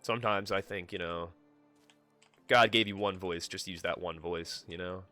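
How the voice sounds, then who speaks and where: Man, live streamer, low voice, swears a lot, faint game music behind. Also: fairly even intonation, moderate pace, pushed and bright. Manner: swears freely, talks to himself. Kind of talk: casual gameplay commentary.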